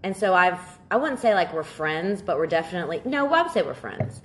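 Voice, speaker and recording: A woman's voice: lowish voice, sing-song, brisk, slight background noise. A woman co-hosting a podcast in casual chat, telling stories animatedly and swearing freely. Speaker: podcast co-host.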